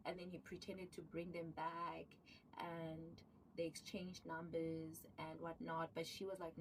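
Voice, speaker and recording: A woman casually recapping a drama series, excitable and animated, acting out the characters' lines as she goes. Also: low-pitched, far from the mic, a little hiss or hum, low-quality recording. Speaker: show recapper.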